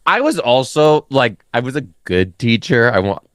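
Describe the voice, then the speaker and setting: A former teacher, a man guesting on a casual podcast, emphatic and profane, jumping high in pitch when he quotes himself. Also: very animated, moderate pace, fairly bright tone, dry recording, clean studio sound. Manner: emphatic, swears freely, big pitch jumps when quoting.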